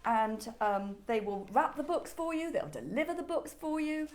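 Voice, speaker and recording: Chatty woman with a high voice. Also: normal speed, rough recording. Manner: chatty and expressive, with frequent "um"s. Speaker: furniture shop owner and host. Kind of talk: casual chat. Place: in her shop.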